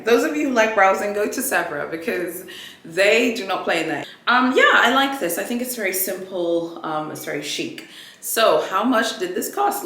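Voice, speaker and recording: A woman vlogger chatting casually through an unboxing, animated and full of fillers. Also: lowish voice, creaky. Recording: echoey room with faint ambient noise.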